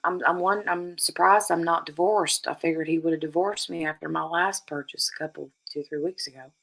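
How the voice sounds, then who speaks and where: A woman's voice: lowish voice, fairly even intonation, a little fast, creaky, fairly bright tone. A woman hosting a casual live stream chat from home, talking chattily and laughing often.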